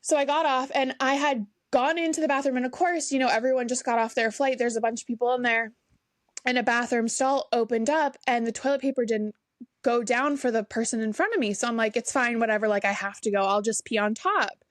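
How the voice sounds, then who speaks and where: A woman's voice: high-pitched, steady tone, fairly quick, no room sound. Giggly woman, dry close sound. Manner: giggly, blunt storytelling. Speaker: podcast co-host. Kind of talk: casual chat.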